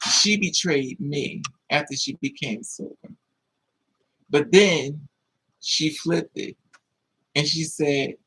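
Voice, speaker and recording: A man's voice: fairly high pitch, slow pace, pauses often, sharp tone, slightly rough, poor audio. A man hosting a livestream tells a personal story to his viewers, casual, blunt and profane, with a lot of feeling in it. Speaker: livestream host.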